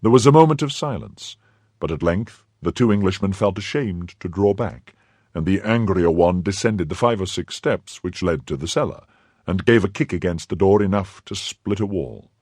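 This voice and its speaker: A man reading a novel aloud as an audiobook narrator, expressive in scripted narration. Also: sits low, moderate pace, no echo, clean studio sound.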